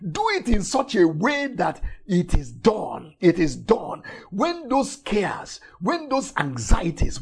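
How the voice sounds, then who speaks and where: A man preaches a sermon emphatically, repeating phrases and swinging between shouted emphasis and soft, intimate lines. His voice is high-pitched and creaky, with a breathy edge.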